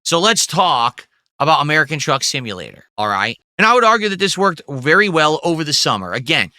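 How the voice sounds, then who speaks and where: A man speaks to his stream viewers in an earnest, explanatory way. His voice is very bright and slightly high, and the sound is dry and close. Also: sing-song, a little fast, dry recording. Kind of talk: stream talk.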